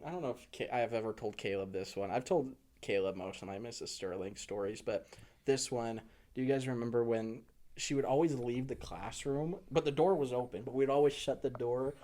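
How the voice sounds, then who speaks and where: A man's voice: mid-range voice, fairly quick, mellow. Young man laughing through stories. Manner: laughing storyteller, says dude a lot. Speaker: podcast host. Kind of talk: casual chat.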